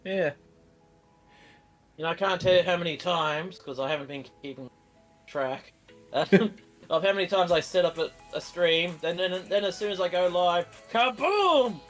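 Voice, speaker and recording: A man's voice: high-pitched, steady tone, normal speed, pauses often, faint music behind. A man with an Australian accent, chatting playfully as a guest and laughing often. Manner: giggly, playful, teasing. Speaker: guest on a stream. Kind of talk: casual chat.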